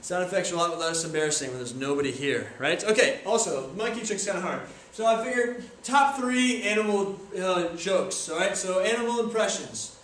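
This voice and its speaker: A young man talks casually and jokes at his own expense while filming himself. His voice sits fairly high, and the room rings with strong echo, caught by a camera mic some distance away with a faint hiss. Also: animated, moderate pace, few pauses, a bit bright. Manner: joking, self-deprecating, chatty. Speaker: video maker. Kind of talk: casual self-filmed tutorial talk. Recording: echoey room from far off, faint noise.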